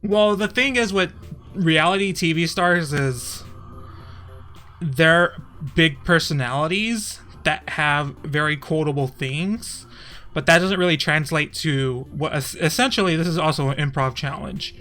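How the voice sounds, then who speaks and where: A man's voice: fairly high pitch, a little slow, bright, forceful tone, faint music behind. A young man from Texas chatting casually on his stream, often laughing and trailing off mid-thought.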